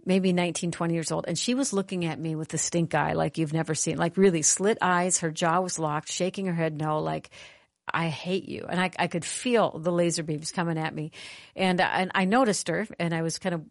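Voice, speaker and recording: An animated woman preacher tells a story in a lowish, conversational voice, urging the room to give her an amen. The sound is dry and close. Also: a little fast, no room sound. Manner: animated, conversational, calls for amens. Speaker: conference speaker. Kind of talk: sermon with storytelling.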